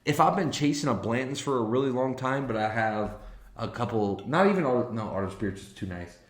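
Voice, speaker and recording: A man's voice: mid-range voice, animated, fairly quick, echoey room. A man hosting a casual whiskey live stream, enthusiastic and swearing freely as he talks to viewers in chat. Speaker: whiskey livestream host.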